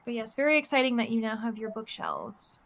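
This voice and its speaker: A woman with a bright, fairly high voice chats with friends during a live reading sprint. She drops in lots of easy agreements and tells quick anecdotes in a relaxed way. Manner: chatty, with short agreeing replies. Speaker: livestream co-host.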